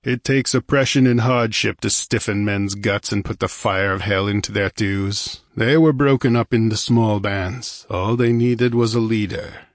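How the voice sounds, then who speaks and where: A man reading aloud, voicing a grim, confident male barbarian warrior who speaks calmly and with certainty. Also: on the low side, a little slow, hardly any pauses, no echo, studio quality, lightly acted. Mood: cold, certain. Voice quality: calm, imperturbable.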